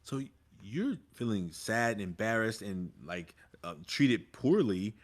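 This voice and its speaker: A man's voice: on the low side, lively intonation, slow pace. A man who mentors young people and was once a vice principal, telling a story in an earnest, vivid way during a conversation. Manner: earnest storyteller, acts out scenes.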